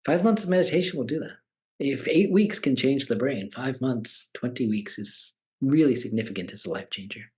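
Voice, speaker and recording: A man's voice: medium pitch, normal speed, a little mellow. A man in his forties, a meditation teacher, talking casually and animatedly, acting out the voices of people he quotes. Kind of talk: conversational talk.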